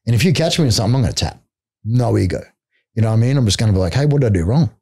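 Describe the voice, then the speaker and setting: Middle-aged Australian man, podcast guest and coach, blunt and casual with a lowish, relaxed tone. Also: very fast, breathy edge, no room sound, studio quality. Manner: blunt, swears freely, peppers speech with "mate" and "like". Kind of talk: casual storytelling chat.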